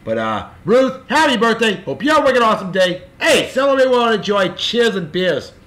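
A man hosting a casual show, giving boisterous, jokey birthday shout-outs in a folksy way. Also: high-pitched, big pitch swings, a little fast, a little hiss or hum. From California. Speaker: show host.

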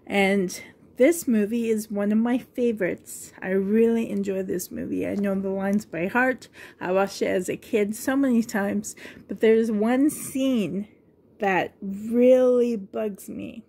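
Slow, rambling chatty woman. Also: mid-range voice, darkish tone. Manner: rambling, chatty, laughs often. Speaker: vlogger. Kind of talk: casual chat to camera.

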